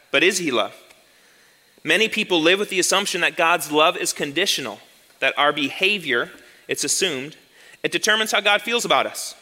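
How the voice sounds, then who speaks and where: A male pastor giving an earnest sermon, slowing down and repeating key lines for emphasis. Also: fairly high pitch, pushed and bright, long reverb tail.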